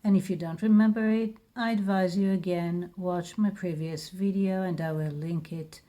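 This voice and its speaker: This woman teaches Hebrew with an Israeli accent in an unhurried spoken lesson, patiently saying every word again, slowly. Her voice sits on the low side, steady and warm.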